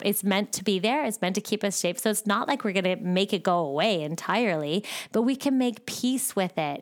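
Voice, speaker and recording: A woman's voice: mid-range voice, smooth. A young adult woman talking casually about a book, with many fillers and restarts. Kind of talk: casual talk summarizing a self-help book.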